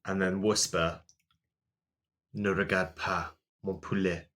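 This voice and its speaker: A man playing a wary male adventurer, speaking in a hushed, awkward, conspiratorial way. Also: sits low, flat delivery, takes it slowly.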